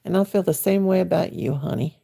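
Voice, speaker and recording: Older woman, livestream host at home; low, gravelly, husky, folksy chat. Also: brisk, mellow. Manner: folksy, chatty, reads and answers viewer comments. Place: at home, sitting in her chair.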